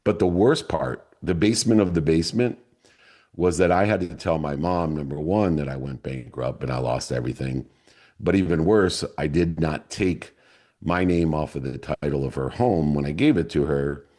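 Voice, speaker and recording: A middle-aged man leading a men's mastermind group, telling a motivational story in an earnest, deliberate way that lingers on key words. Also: a bass voice, warm tone.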